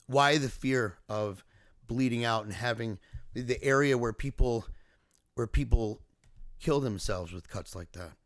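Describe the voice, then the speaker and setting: A man's voice: mid-range voice, a little slow, no echo, studio quality. Earnest man telling a family story. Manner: earnest, emotional, reflective storytelling. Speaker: father recounting a family emergency. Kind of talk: personal video diary monologue.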